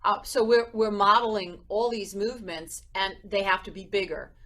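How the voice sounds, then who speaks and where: Bright-voiced woman, animated music teacher. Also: mid-range voice, normal speed. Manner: animated, acts out whispers and gasps. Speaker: music teacher, podcast co-host. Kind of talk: casual chat.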